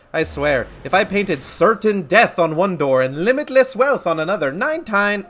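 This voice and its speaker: A man voicing a gruff older female tavern keeper in a put-on Scottish accent, brusque and teasing. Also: a little high, a bit bright.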